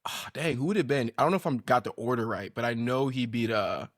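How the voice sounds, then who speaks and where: A man's voice: medium pitch, expressive, fast talker, no room sound, studio quality. An American man co-hosting a podcast, insistently arguing his point in casual debate and calling people bro. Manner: insistent, argumentative, says bro often. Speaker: podcast co-host.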